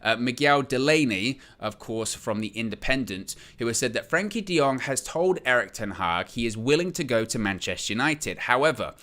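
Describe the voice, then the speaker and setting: A man's voice: medium pitch, animated, normal speed, hardly any pauses, a bit bright. A young man presenting a football talk show, ranting with passion and hammering his points home again and again. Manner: impassioned ranting, repetitive emphasis. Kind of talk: opinionated football transfer talk.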